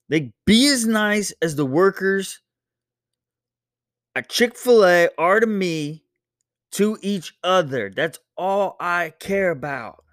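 A man in his thirties hosts a casual solo podcast, telling a family story with lively animation, frequent laughter and sudden jumps into high voices. The sound is clean studio audio with no echo.

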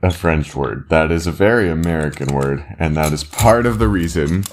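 A man's voice: rumbling low, moderate pace, a little hiss or hum. A man co-hosting a casual, playful chat and laughing often. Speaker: co-host.

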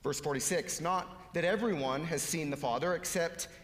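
A male pastor preaching a sermon, earnest, letting his voice fall low and soft at the ends of phrases. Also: normal speed. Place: church sanctuary. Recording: echoey hall with long reverb.

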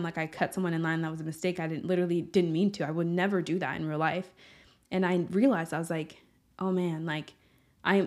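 Lady podcaster, kinda low voice, candid rambly storytelling, lots of "like" and "you know". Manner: earnest, candid, storytelling with many fillers. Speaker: podcast host. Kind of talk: personal reflective monologue.

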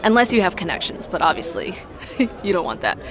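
A woman's voice: lowish voice, big pitch swings, a little fast, a crowd in the background. A woman playing Luna, a shifty tavern-town rambler. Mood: sly. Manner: rambling, evasive, bursts of nervous speed. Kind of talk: improvised role-play.

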